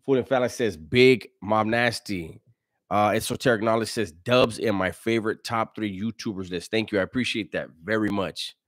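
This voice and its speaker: A man hosts a live stream, working through viewer comments in an easygoing, slangy manner and chuckling often. His voice sits on the low side. The sound is close and dry, with no room echo. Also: normal speed. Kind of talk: casual live-stream chat, reading viewer comments aloud.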